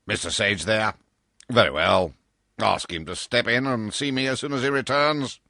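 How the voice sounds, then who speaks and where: A man playing a brisk spymaster colonel. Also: on the low side, fairly even intonation, creaky, sharp tone, dry recording, studio quality. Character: brisk middle-aged male intelligence chief.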